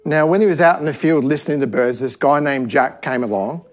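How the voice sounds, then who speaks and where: Preaching to a church service, a man with a somewhat high voice talks fast as he tells a parable in sermon teaching. His delivery is easygoing and conversational, and he often restarts his sentences.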